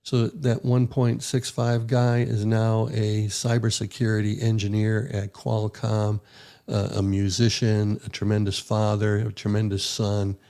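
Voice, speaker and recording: A man's voice: fairly low pitch, level tone, unhurried, vocal fry, dark tone. An older man, a retired naval officer, telling a personal story in a casual, folksy way and acting out the quotes. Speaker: podcast guest, retired rear admiral.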